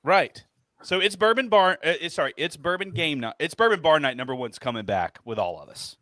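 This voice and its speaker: Guy hosting a podcast, bright punchy voice, jokey storyteller vibe. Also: a little high, a little fast, no echo. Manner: joking, animated storyteller. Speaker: podcast host. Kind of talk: casual chat among friends.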